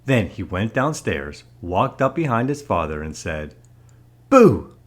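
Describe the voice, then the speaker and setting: Low, expressive male storyteller. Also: unhurried. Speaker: narrator. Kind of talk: children's read-aloud.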